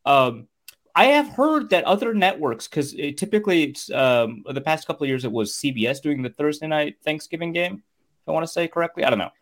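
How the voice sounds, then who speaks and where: A man's voice: a little high, sing-song, fairly quick. A man co-hosting a casual sports podcast, talking loosely with lots of fillers and restarts. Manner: rambling, many fillers and restarts, laughs while quoting. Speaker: podcast co-host.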